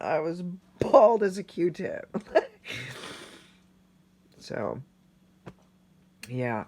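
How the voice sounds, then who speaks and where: A man in his forties telling his own story in a personal vlog, earnest and halting, speaking with emotion. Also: on the high side, vocal fry, a little mellow. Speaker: vlogger sharing a personal story.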